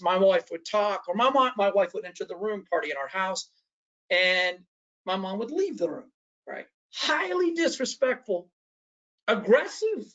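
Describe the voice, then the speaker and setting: A man's voice: sits high, fairly bright tone. Man leading an online workshop, dull audio. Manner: conversational, often checks in with "right?". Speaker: workshop presenter.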